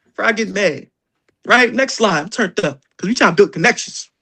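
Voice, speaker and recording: A man leading an energetic sales training session, joking and acting out doorstep exchanges. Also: sits high, brisk, slightly rough.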